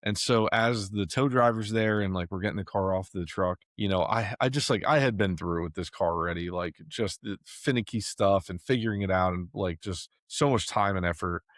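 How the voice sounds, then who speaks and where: A man's voice: low voice, fairly quick, hardly any pauses, dry recording, studio quality. A man hosting a podcast, telling casual stories with lots of fillers and frequent laughter. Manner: chatty storyteller, laughs often, many fillers. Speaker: podcast host. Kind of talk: casual chat.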